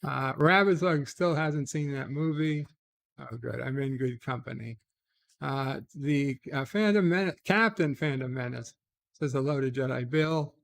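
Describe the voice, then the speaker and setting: This gravelly male voice sits at a medium pitch and moves a little slowly. He's hosting a relaxed late-night stream, reading out viewer chat and tossing off replies between frequent "uh"s.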